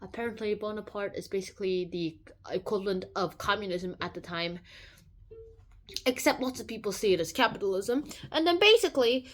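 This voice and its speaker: A woman summarizing a classic novel in a casual, chatty way, telling the story with quick asides. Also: mid-range voice, animated. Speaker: video host.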